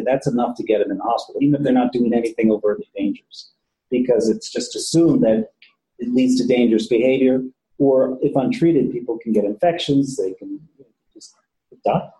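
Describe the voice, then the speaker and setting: Man with a very dark voice lecturing. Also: medium pitch, echoey room, poor audio. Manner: conversational, repeats words, casual swearing. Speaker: clinician training police. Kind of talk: training lecture.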